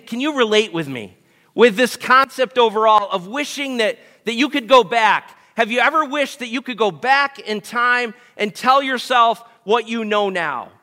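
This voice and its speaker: A man's voice: very high voice, bright, forceful tone. A man in his thirties, a pastor preaching a sermon to his congregation in an earnest, conversational way, often asking them questions. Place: church sanctuary. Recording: long hall reverb.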